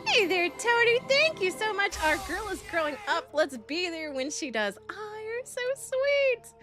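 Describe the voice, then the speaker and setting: Bright, high young woman streamer, bubbly and a little anxious, lively sing-song greetings over soft music. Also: normal speed. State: nervous and excited. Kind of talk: casual live-stream chat, greeting chat.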